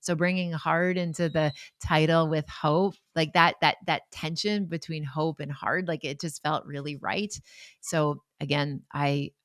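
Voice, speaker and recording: Low-voiced chatty woman in her forties. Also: fairly even intonation, measured pace, dry recording, clean studio sound. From Canada. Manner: warm, chatty, digressive, with laughs. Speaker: podcast host and author. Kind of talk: casual solo podcast talk.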